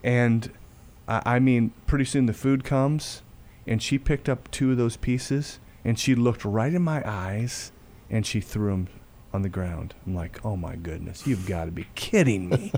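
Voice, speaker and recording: Halting, storytelling man. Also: mid-range voice. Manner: halting, repeats words, drops to a hush for quoted dialogue. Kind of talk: casual storytelling on a faith talk show.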